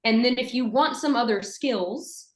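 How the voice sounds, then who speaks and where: A woman from Western North Carolina with a softened Southern accent, a voice actress and dialect coach chatting in an interview with lots of fillers and restarts. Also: fairly high pitch, a little slow, echoey room, rough recording. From Western North Carolina, USA. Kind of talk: conversational interview.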